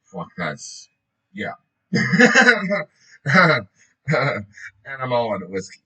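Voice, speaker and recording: A man's voice: mid-range voice, huge pitch swings, drawn-out words, sharp tone, husky, low-quality recording. A man reading a book aloud in a casual way, often breaking off to joke, swear and laugh.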